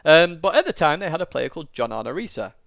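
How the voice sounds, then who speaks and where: A man's voice: on the high side, big pitch swings, a little fast, vocal fry, fairly bright tone, no echo, studio quality. A young man, a YouTuber, telling a long personal story to camera in a rambling, casual way. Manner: rambling, lots of fillers, tearing up at moments.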